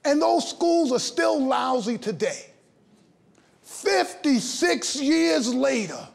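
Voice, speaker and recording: A man's voice: very high-pitched, sing-song, slow, vocal fry. A man in his sixties giving a passionate, emphatic stage talk to a live audience, mixing jokes with indignation. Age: 60s. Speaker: invited speaker.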